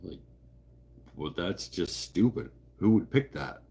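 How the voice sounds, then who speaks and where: A man with a low, husky voice hosts a live stream, wandering from topic to topic in loose, joking chat. He often cuts himself off and restarts as he reacts to viewer comments. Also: expressive, takes it slowly, dark tone. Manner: rambling, joking, self-interrupting. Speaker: livestream host.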